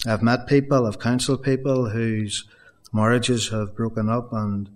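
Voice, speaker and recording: A man's voice: medium pitch, steady tone, a little slow. A man preaching a sermon in an earnest style, repeating phrases for emphasis and addressing the congregation directly. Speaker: pastor.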